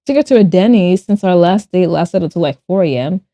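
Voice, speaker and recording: Mellow-voiced woman chatting on a stream. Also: lowish voice, no room sound. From Nigeria and Ireland. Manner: animated and quick to laugh, with blunt swearing. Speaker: streamer and artist. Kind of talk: casual livestream chat, reading chat aloud while drawing.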